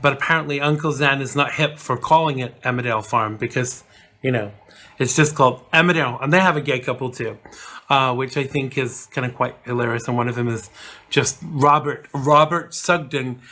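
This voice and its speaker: A man talks casually straight to camera as a vlog host. His voice is bright and forward, with a middling pitch. He rambles, trails off, and fills pauses with ums and uhs. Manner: chatty, rambling, with many fillers and restarts.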